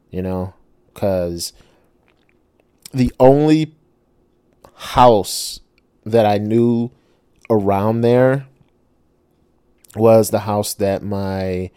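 A middle-aged man, a self-published author, telling a personal story in a casual monologue, animated and swearing with many rhetorical asides. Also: low-pitched, no room sound, studio quality.

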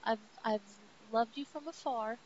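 A woman playing a shy young warrior maiden with tender, halting speech and a highish voice. The sound is a bit dull, with faint hiss. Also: darkish tone, close to an everyday voice.

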